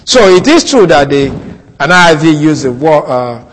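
A male Bible teacher delivering an expository lesson at a slow, deliberate pace. His voice sits a little higher than most men's, and it rings with a long hall reverb. He works through each point methodically. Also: very animated, slight background noise. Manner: methodical, explains points step by step.

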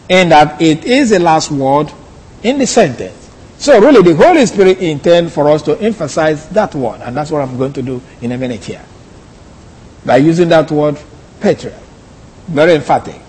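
A man teaching a Bible lesson, deliberate and repeating key phrases. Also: a little high, a little mellow, husky. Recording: long hall reverb.

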